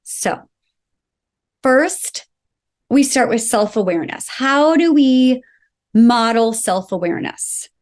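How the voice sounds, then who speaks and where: A woman's voice: a little high, expressive, takes it slowly, pauses often, darkish tone. A woman, a psychologist guest, explaining emotional skills in a conversational way and acting out example phrases. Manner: earnest, acts out example phrases to a child.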